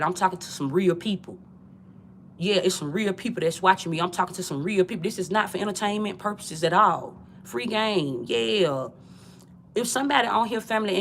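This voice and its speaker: A woman's voice: mid-range voice, a little hiss or hum. A woman from Georgia, delivering a preachy, repetitive livestream monologue in profane street talk, calling her viewers family. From Georgia, USA.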